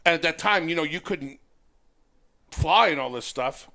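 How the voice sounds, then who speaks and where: Speaking at a moderate pace in a voice on the high side, the middle-aged ex-wrestler guests on a podcast and tells a story casually. He animates it by acting out the voices of its characters.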